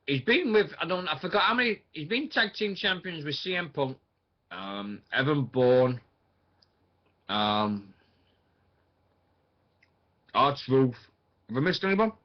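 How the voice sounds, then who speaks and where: A man's voice: fairly high pitch, lively intonation, takes it slowly, pauses often, lo-fi sound. A man hosting a casual online radio show, rambling and thinking aloud with plenty of fillers.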